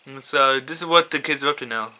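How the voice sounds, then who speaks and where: A man's voice: medium pitch, fast, sharp tone. A man casually retelling his own fan story, stammering with many restarts. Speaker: fanfiction reader.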